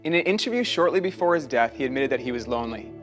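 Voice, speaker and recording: A man presenting a scripted video lesson in a clear, explanatory way. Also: mid-range voice, animated, very fast, faint music behind.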